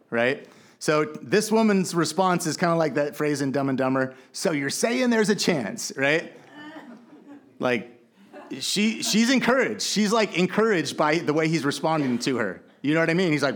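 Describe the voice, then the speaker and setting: A man's voice: a little high, lively intonation, normal speed. A man preaching a sermon in a casual, conversational way, with many fillers and restarts. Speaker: pastor.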